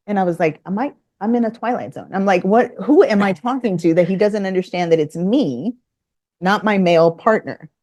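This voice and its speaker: Lady low mellow voice, chatty story, plays out who said what. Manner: animated, acts out both sides of conversations. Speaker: podcast guest. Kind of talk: casual storytelling.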